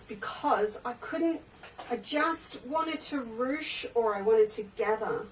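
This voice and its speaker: A woman hosting a casual live sale from her sewing shop, chatty and enthusiastic, often trailing off and restarting sentences. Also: fairly high pitch. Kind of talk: casual live-stream sales chat. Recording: slightly distant mic with faint background noise.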